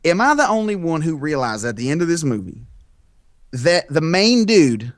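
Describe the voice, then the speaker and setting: Brief: animated, profane male podcast co-host, slightly high pitch, dry mic. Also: normal speed, dry recording. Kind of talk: casual podcast chat.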